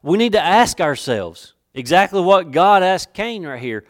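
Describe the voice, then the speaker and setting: A man preaches in a voice pitched a little above most men's. He stresses his points with rising force and slows right down to read old scripture aloud. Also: very animated. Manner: preaching with rising emphasis, reading King James scripture slowly. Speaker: pastor. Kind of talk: sermon.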